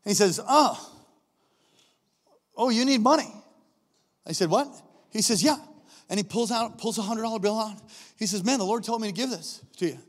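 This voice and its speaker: Male preacher, high voice, animated storyteller who acts out voices; sermon style, long hall reverb. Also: fast. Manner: animated storytelling, acts out characters, shifts between quiet asides and shouting.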